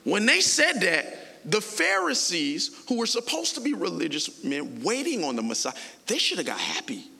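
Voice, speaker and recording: A male pastor preaching a sermon in a playful, conversational, animated manner. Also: high voice, normal speed, creaky, long reverb tail.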